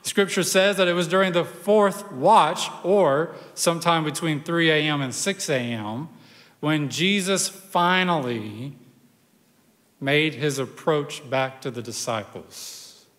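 A male pastor preaches in a large hall, telling the story in an animated, conversational style with personal asides. His voice is on the high side and his pace slow.

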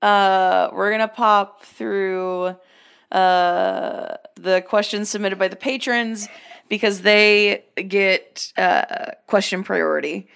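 Slow, bright-voiced female co-host. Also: medium pitch, fairly even intonation, creaky, clear, resonant tone. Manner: laughs often, reads out listener questions. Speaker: podcast co-host. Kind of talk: casual chat.

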